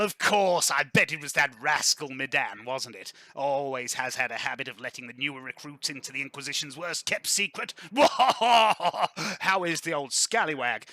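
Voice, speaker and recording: A man voicing a blustery, jovial retired admiral lord with a booming, pompous manner. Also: bright, forceful tone, no room sound.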